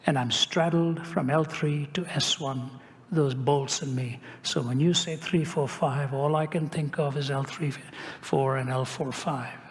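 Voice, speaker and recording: An older man telling a story in a sermon, dropping at times to a hushed whisper. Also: a little high, fairly even intonation, a little slow, big-room sound. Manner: dramatic shifts to a hushed whisper. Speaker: preacher.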